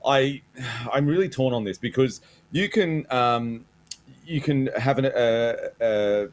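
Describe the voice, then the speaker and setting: A man's voice: medium pitch, slow. A man co-hosting a panel talk show, speaking hesitantly, stammering and sighing as he searches for words. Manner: hesitant, stammering, restarts often with sighs. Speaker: co-host. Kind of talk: opinionated panel discussion.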